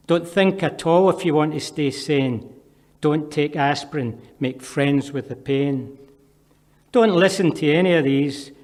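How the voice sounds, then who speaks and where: A man's voice: fairly high pitch, a little mellow. A man with a Scottish accent, a poet giving a live poetry reading with dry, wry asides between the poems. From Scotland. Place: performance venue with long reverb. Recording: reverberant hall.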